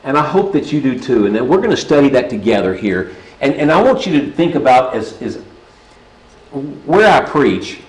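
A man's voice: mid-range voice, sing-song, normal speed, roomy sound, rough recording. A middle-aged man preaching a sermon in a conversational storytelling way, often restarting his sentences.

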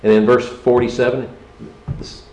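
Impassioned preacher in a roomy hall. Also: male voice, mid-range voice, little pitch movement, normal speed, a little mellow. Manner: impassioned, rising and falling, rhetorical questions to the congregation. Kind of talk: sermon. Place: church. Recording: roomy church hall, faint ambience.

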